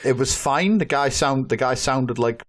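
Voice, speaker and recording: A man's voice: medium pitch, moderate pace. A man co-hosting a podcast in casual chat, rambling with lots of swearing and filler words. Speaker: podcast co-host.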